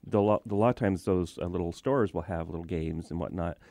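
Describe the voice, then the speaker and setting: A man co-hosting a casual podcast, easygoing and quick to laugh, explaining things in a relaxed way. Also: low voice, gravelly, no echo. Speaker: podcast co-host. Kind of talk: casual chat.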